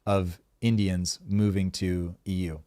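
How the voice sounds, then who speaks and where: A man with a fairly low voice, talking through economic ideas in a measured, unhurried way and leaning on little fillers as he goes. He sounds close to the mic in a dry, dead studio space. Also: flat delivery, dark tone, no echo. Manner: explanatory, measured, many fillers. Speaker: show host. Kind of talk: casual live-show commentary.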